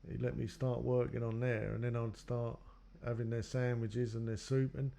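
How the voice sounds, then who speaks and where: A man's voice: mid-range voice, flat delivery, moderate pace, vocal fry, warm tone. A man telling his own life story in a loose, rambling way, acting out what others said to him. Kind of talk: personal storytelling.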